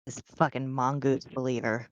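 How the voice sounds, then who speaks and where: A woman's voice: extremely low pitch, little pitch movement, moderate pace, no room sound, dull audio. A young woman co-hosting a podcast, sarcastic and exasperated, swearing in casual chat. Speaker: podcast co-host.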